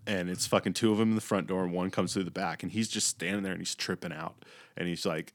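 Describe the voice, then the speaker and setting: A young man with a very low voice recaps a movie in loose, rambling chat, swearing freely and jumping into the characters' lines. The sound is dry and close, with no room around it. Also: fast talker, no room sound. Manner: rambling, profane, animated retelling with acted-out quotes.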